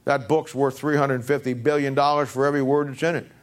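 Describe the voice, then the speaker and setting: A man preaching a sermon as pastor, pressing the congregation with repeated rhetorical questions, his pitch swinging from low to high. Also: flat delivery, fast. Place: church.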